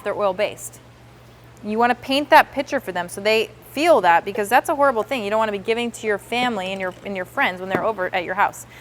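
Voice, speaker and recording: A woman's voice: a little high, fairly bright tone. A woman giving a sales training demonstration, enthusiastic and coaching, acting out how customers react.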